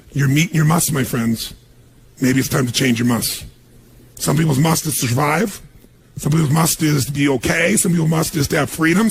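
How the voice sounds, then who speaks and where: Man, motivational seminar speaker, punchy, gravelly, fairly high voice, live audience. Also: a little hiss or hum. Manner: energetic, punchy, fires questions at the crowd. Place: stage before a live audience.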